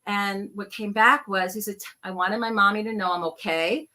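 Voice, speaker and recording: A woman speaks in a bright, forceful voice as she tells her stories. She acts out the people in them as she goes, in a casual, chatty way. She sounds like a guest on a video call. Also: medium pitch, fairly even intonation, moderate pace. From New York. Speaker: guest, psychic medium. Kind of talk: casual storytelling interview.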